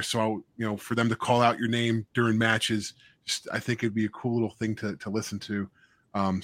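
A man's voice: mid-range voice, bright, forceful tone, dry recording. A man co-hosting a casual podcast, rambling with many restarts. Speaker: podcast co-host.

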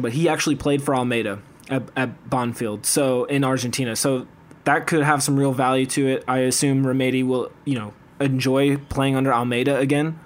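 A man co-hosting a casual sports podcast, eager and upbeat as he tells stories. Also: mid-range voice. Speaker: podcast co-host. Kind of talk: casual chat.

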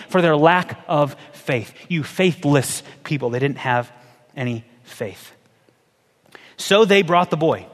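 A man preaching a sermon as a pastor, conversational and animated, firing off rhetorical questions. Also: high voice, big-room sound.

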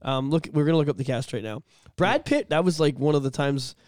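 A man from Canada's East Coast rattles on at a quick clip in a slightly high voice, swearing freely and drifting from story to story. The sound is dry and close, with almost no room around it. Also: no echo. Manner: rambling, profane, animated storytelling. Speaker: podcast host. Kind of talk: casual chat.

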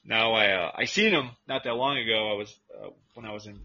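A man's voice: lowish voice, fairly quick, bright, forceful tone. A man co-hosting a casual podcast, telling rambling, profane stories from his school days and laughing often. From Massachusetts. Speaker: podcast co-host. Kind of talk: casual chat. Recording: dull lo-fi with faint noise.

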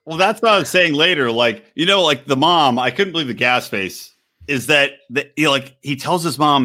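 A man co-hosting a casual reality-TV podcast, talking in an animated, profane, ranting way. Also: fairly high pitch, moderate pace. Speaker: podcast co-host. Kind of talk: casual chat.

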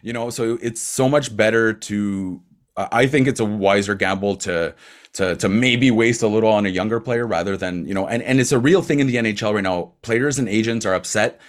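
A man in casual sports chat about hockey, animated, laughing often, with quick asides. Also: lowish voice. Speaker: hockey commentator.

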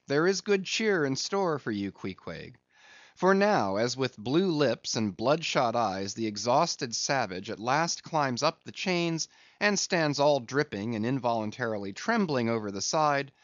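A man narrating an audiobook with a lively, swinging delivery and dramatic emphasis. His voice sits in a middle pitch, with a dry, slightly dull recording. Nothing else is heard behind him. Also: no room sound. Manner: expressive, lively dramatic reading.

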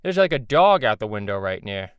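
A man voicing a crass, loudmouthed middle-aged cartoon dad, nasal and rambling, in a crude comedy monologue. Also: lowish voice, big pitch swings, a little fast, clean tone, no echo. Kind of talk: fan comedy impression monologue.

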